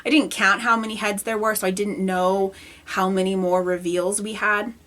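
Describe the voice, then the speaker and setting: A woman's voice: mid-range voice, little pitch movement, normal speed, a bit bright. Chatty, emotional woman reviewing a show. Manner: emotional, chatty, frequent fillers and restarts. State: near tears. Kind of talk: casual video review.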